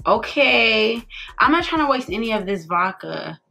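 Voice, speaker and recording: A woman's voice: a little high, expressive, normal speed, creaky, pushed and bright, soft background music. Tipsy woman chatting through makeup. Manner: loose, tipsy, talks straight to viewers, swears freely. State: tipsy from drinking. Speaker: beauty vlogger. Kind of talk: casual makeup tutorial chat.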